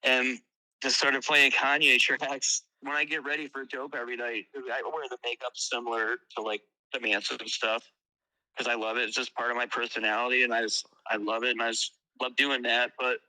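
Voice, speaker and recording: A man who is a guest musician, telling tour stories in a casual interview, animated and swearing freely. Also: medium pitch, normal speed, low-quality recording.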